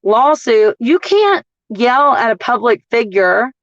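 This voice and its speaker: A woman, ranting in a casual livestream as a couponing vlogger, blunt, profane and animated as she tells stories. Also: fairly high pitch, slow pace, no echo, highs cut off.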